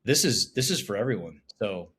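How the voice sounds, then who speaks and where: A man in his thirties talking on a podcast in an animated, emotional way, often laughing. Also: fairly low pitch, fairly quick, breathy edge. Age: 30s.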